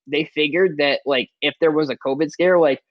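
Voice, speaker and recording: Man, sports podcast co-host, rambling casual chat, slightly high voice, dry dull audio. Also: fairly even intonation, moderate pace, dry recording. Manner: rambling, filler-heavy, many "like"s and restarts.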